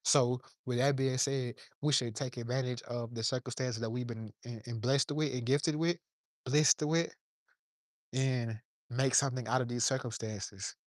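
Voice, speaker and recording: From his yard, a slightly unwell vlogger speaks to camera in a passionate, profanity-laced sermon of plain street talk. His medium-pitched voice holds a steady tone at normal speed, recorded in studio quality without echo.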